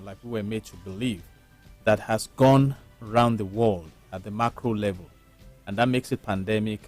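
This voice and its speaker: A man, a lawyer on a panel, explaining his views in a measured, lecturing way. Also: fairly low pitch. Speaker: lawyer guest. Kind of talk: panel discussion.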